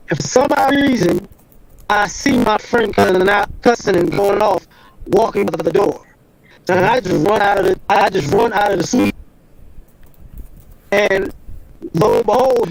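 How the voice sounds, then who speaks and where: A man's voice: sits high, gravelly, a little hiss or hum, low-quality recording. A man telling a personal story in a rambling, casual way over a video call with a choppy, broken-up connection. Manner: rambling, lots of fillers and restarts. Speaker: guest.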